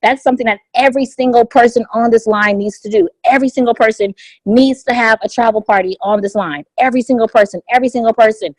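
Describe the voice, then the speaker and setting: A woman with a fairly high voice gives an upbeat motivational training over a conference line. She drives her points home by repeating key phrases again and again. Her voice sounds dry and close, with no room echo. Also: quick pace. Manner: energetic and repetitive, hammers home key phrases. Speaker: business opportunity trainer on a conference call. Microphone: phone conference line.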